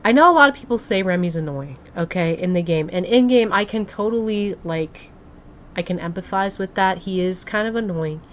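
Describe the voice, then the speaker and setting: A woman's voice: fairly low pitch, expressive, a little fast, slight background noise. A young woman streamer chatting casually and gushing to her live chat, full of "like" fillers. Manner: bubbly, gushing, filler-heavy. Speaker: game streamer.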